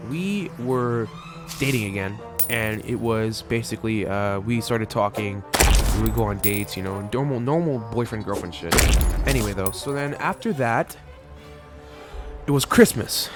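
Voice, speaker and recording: A young man telling a rambling, swear-filled personal story while playing a video game. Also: medium pitch. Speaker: gaming channel host. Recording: loud background music.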